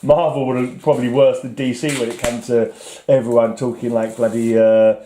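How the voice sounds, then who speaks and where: A man's voice: mid-range voice, level tone, normal speed, warm tone, slight background noise. An English man in casual vlog talk, wryly chuckling and mocking himself as he sorts through his comics. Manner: wry, chuckling, self-mocking. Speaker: comic collector vlogger.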